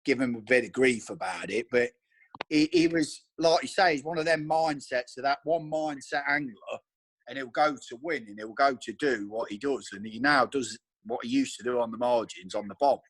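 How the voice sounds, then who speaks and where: A man chatting on a video call, telling animated stories and acting out his friends' voices. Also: mid-range voice, normal speed, husky, dry recording. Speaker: regular angler on the chat. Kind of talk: casual video call chat.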